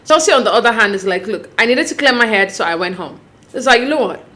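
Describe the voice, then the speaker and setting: Host, female, slightly high voice, animated and gossipy recap delivery. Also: fast. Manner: chatty, animated, quotes cast members in asides. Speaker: recap vlogger. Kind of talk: casual TV recap chat.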